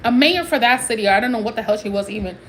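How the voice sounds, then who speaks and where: A high-voiced woman from Puerto Rico delivers a heated, emphatic livestream rant, dropping into Spanish now and then. A faint hiss of noise sits under her voice. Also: expressive, rapid-fire, poor audio. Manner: heated, emphatic, switching between English and Spanish.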